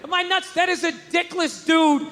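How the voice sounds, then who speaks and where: Shouting, ranting stand-up man. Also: very high-pitched, steady tone, moderate pace, big-room sound. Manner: ranting, profane, often shouting. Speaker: stand-up comedian. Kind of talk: stand-up comedy set.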